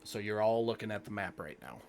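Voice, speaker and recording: Lowish-voiced male game master. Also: lively intonation, fairly quick, darkish tone, slight background noise. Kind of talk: narrating a tabletop game.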